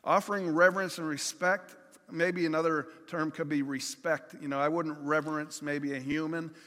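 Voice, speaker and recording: A man's voice: fairly high pitch, flat delivery, normal speed, a bit bright. A man preaching a conversational sermon, with everyday examples and acted-out pleas. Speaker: pastor. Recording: long hall reverb.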